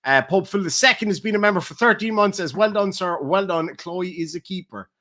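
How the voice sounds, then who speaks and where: A man's voice: sits high, brisk. An Irish man casually reading out donation messages on a livestream, swearing freely and joking around. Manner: profane, jokey and excitable.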